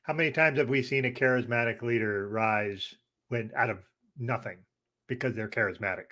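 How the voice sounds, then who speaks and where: A man co-hosting a podcast, recounting things in a relaxed, wry way with frequent "uh" pauses. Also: mid-range voice. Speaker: podcast co-host. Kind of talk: casual discussion.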